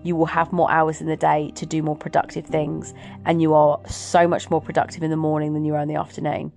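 Woman, middle-aged, encouraging motivational talk, lower voice, faint music underneath. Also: monotone, a little fast, vocal fry. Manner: warm, earnest, encouraging. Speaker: host. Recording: soft music behind.

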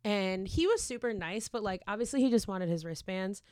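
A woman's voice: mid-range voice, lively intonation, normal speed, a little mellow, clear, resonant tone. A young woman in her twenties telling a long, rambling story in casual chat, swearing freely and acting out quotes.

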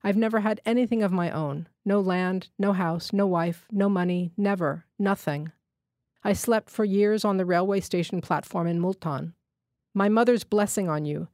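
A woman's voice: mid-range voice, normal speed, a little mellow, dry recording, clean studio sound, lightly acted. A woman reading aloud, voicing a wounded male robber who pleads weakly for forgiveness. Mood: desperate. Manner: begging, weak and tearful. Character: dying young male motorcycle robber, pleading. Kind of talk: literary reading.

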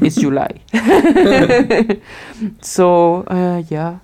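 A woman's voice: on the low side, unhurried, darkish tone. Chatty laughing woman podcast co-host. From outside Germany. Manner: chatty, laughs often, rambling with fillers. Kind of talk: casual chat.

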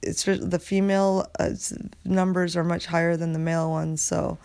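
Woman, solo podcast host, low-ish voice, loose profane ramble full of fillers. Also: level tone, normal speed, gravelly, mellow. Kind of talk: casual solo podcast rant.

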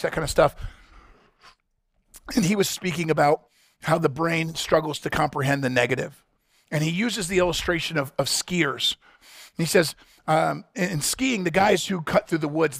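A man preaching a sermon as pastor, impassioned, swinging between loud pleading and low, quiet quoting. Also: gravelly, no echo, clean studio sound.

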